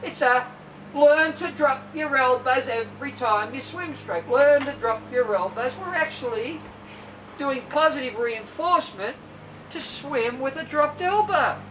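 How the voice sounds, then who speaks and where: Woman swim coach, blunt and high-voiced, throws rhetorical questions at the squad; recorded from afar with traffic noise. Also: lively intonation, unhurried, fairly bright tone, highs cut off. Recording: distant mic with vehicle noise behind.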